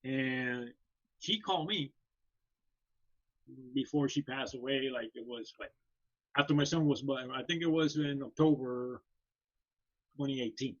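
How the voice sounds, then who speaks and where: A man's voice: mid-range voice, a little slow, pauses often, lo-fi sound. A man co-hosting a casual podcast chat, talking loosely with many fillers. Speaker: podcast co-host.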